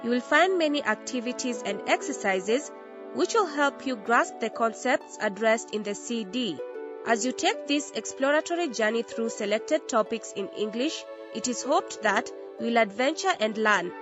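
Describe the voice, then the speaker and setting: A woman with a fairly high voice gives a formal, inviting welcome in a scripted read. The sound is dull and lo-fi, and loud music plays underneath her. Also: lively intonation, normal speed. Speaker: program announcer.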